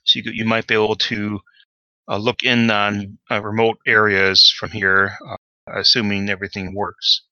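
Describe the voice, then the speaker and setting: A man narrating as game master in a tabletop game, halting with many fillers. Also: on the low side, level tone, pushed and bright, no echo, highs cut off.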